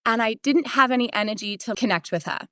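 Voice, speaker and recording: Lively woman guest on a podcast, higher voice, laughs a lot, acts out what she said back then, dry close sound. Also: fast, no room sound. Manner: animated, laughing often, acting out her own past remarks. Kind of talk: storytelling in a casual interview.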